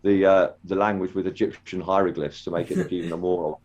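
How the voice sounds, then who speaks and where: A man's voice: deep voice, steady tone, fairly quick, a little mellow. An older man telling stories in a casual interview, rambling with many ums and restarts. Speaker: interview guest, former children's TV actor. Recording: dull lo-fi call audio.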